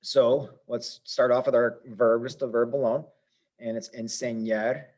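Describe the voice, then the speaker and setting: A man's voice: mid-range voice, little pitch movement, measured pace, a little mellow. A man teaching a Spanish lesson step by step, patient and methodical, thinking aloud as he writes out examples.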